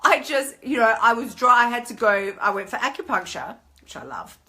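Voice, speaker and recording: An Australian woman in her thirties talking casually on a live stream as a coach, chatty and animated, acting out inner voices. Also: a little high, brisk. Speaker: weight-loss coach hosting a live stream.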